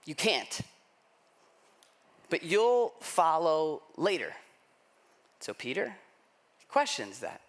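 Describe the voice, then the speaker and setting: A man preaching a sermon, telling a story in a lively, conversational way and acting out the people he quotes. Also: a little high, very slow, long pauses. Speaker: pastor.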